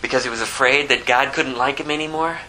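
A man preaching a sermon, reading scripture aloud with animated emphasis. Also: medium pitch, quick pace, a little hiss or hum, rough recording. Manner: animated, quotes scripture in a rising voice, prays softly. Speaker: pastor.

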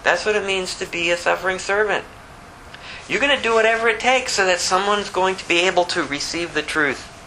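A man preaching a sermon with fervent, animated delivery that builds toward near shouting. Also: sits high, brisk, slight background noise, poor audio.

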